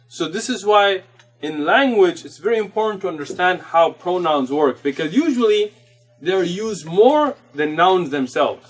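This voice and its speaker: A man teaching an Arabic grammar class in a mosque classroom, patiently explaining terms in English mixed with Arabic words and quickly reciting Arabic passages. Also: high voice, expressive. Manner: recites Arabic text rapidly. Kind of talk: classroom lecture.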